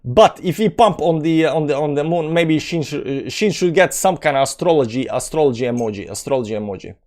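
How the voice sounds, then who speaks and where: Male streamer, Balkan accent, slightly high pitch, loose rambling delivery while answering chat. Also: lively intonation, fast talker, a little mellow. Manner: rambling, filler-heavy, reads comments aloud and answers. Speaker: crypto channel host. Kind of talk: live-stream chat reading.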